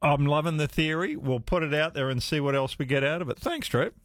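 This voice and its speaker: A man's voice: on the high side, fairly quick, fairly bright tone, dry recording, studio quality. A man hosting talkback radio, chatting casually and musing aloud with listeners. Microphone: studio microphone.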